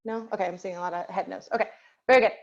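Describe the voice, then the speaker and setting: A woman's voice: medium pitch, fairly even intonation, very fast, vocal fry, dull audio. A woman voice teacher leading an online group lesson over a video call, patiently asking the class questions and waiting for answers.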